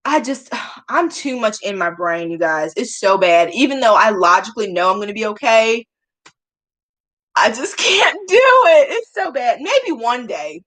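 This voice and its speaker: A woman's voice: medium pitch, sing-song, normal speed, fairly bright tone. A young woman chatting casually to her viewers, self-mocking and often laughing. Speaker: vlogger.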